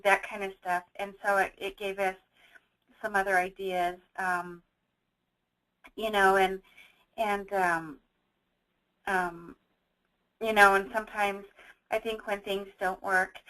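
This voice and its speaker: A woman's voice: medium pitch, a bit bright, poor audio. A woman chatting on a conference call, rambling with many fillers.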